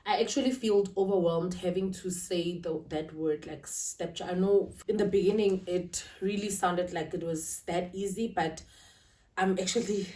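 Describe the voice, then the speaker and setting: Woman vlogger, confiding and emotional, mid pitch, mic set back in an echoey room. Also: steady tone, normal speed, mellow. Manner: emotional, confiding, checks in with "right?". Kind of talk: casual talk to camera. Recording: roomy, slightly distant.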